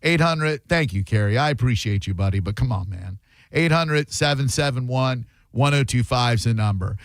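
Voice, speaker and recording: A man's voice: medium pitch, animated, normal speed, dry recording. A man hosting a call-in talk radio show, blunt and opinionated.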